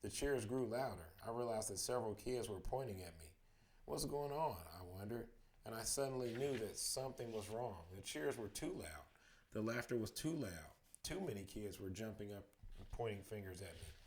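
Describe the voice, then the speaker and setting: Man narrating a bedtime story; lowish, steady, expressive. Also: normal speed, a little hiss or hum. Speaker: storybook reader.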